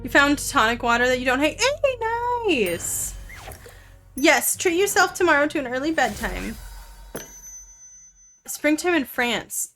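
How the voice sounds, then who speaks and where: A woman's voice: high-pitched, big pitch swings, unhurried, pauses often, pushed and bright, faint music behind. A woman streamer chatting casually with her viewers while playing a game, with plenty of fillers.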